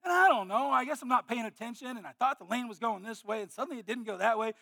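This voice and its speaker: A man preaching a sermon, moving between earnest teaching and animated, exclamatory storytelling with sudden loud bursts. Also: very high-pitched, fast talker, vocal fry, no room sound, studio quality. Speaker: pastor.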